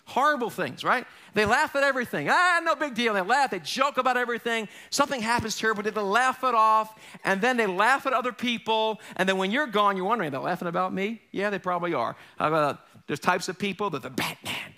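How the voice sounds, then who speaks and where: A middle-aged male pastor delivering a sermon, high-pitched for a man and bright in tone. He preaches in an animated, joking way, swinging from loud punchlines to quiet asides and tossing in quick character impressions.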